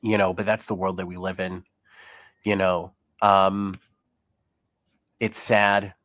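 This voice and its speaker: Man, young adult, congested and sick, low-pitched, dry recording, casual vlog commentary, frequent chuckles, filler-heavy rambling. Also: flat delivery, slow pace, a bit bright, no echo. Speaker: YouTuber reading comments.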